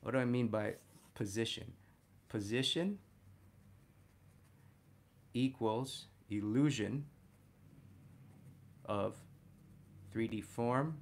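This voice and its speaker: A man teaching figure drawing and talking through a study, energetic and punctuating his points with "boom". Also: creaky, a little hiss or hum. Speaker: art instructor.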